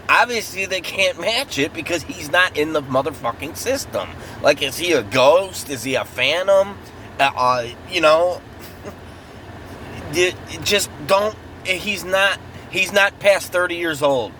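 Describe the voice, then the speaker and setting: A man's voice: a little high, pushed and bright. A man in an angry, profane true-crime rant, heated and repetitive, recorded outdoors near traffic. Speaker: vlogger.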